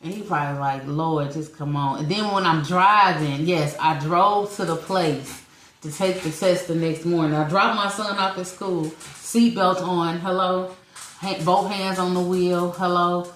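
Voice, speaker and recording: A woman's voice: lowish voice, a little slow, a little hiss or hum. A woman in her forties, telling a long personal story on a podcast, acting out what people said and laughing often. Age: 40s. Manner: animated storyteller, acts out quotes, laughs often. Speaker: podcast co-host. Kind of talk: casual storytelling chat. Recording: echoey room.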